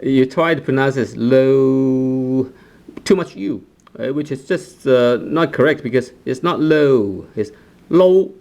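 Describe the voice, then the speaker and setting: A man gives an unscripted pronunciation lesson, talking slowly and stretching out each example sound. He repeats the sounds many times and fills the pauses with "uh" and "right?". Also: medium pitch, a little mellow. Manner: slow and repetitive, drawing out example sounds with frequent "uh" and "right?". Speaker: Cantonese language teacher.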